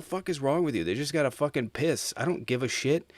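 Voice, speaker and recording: A man's voice: mid-range voice, animated, brisk, dry recording. A man hosting his own livestream, ranting bluntly and swearing freely in casual talk. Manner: blunt, profane, heated. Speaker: streamer host.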